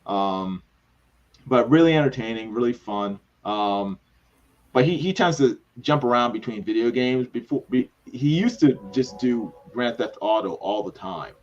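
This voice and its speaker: A man chatting casually in a laid-back, hesitant way, with many pauses and ums. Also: mid-range voice, expressive. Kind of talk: casual chat. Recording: dull lo-fi sound.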